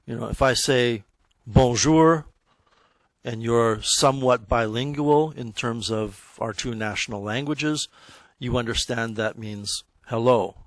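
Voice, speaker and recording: This high school math teacher lectures his class at a measured pace, keeping things relaxed and conversational and pausing to check on his students. He speaks at an ordinary middle pitch for a man, and the sound is dry and close with little room echo.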